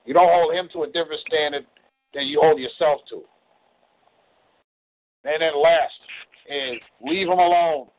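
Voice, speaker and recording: A man coaches over a phone line, blunt and folksy, swearing to drive points home. His voice sits a little high. The sound is thin and tinny, like a phone call. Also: a little slow, pauses often. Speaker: relationship coach leading a call.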